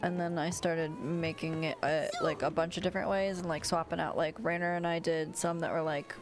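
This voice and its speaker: A woman's voice: deep voice, little pitch movement, a little fast, background noise. A young woman streamer chatting casually, profane and sarcastic, while she plays a game. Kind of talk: casual livestream chat over gameplay.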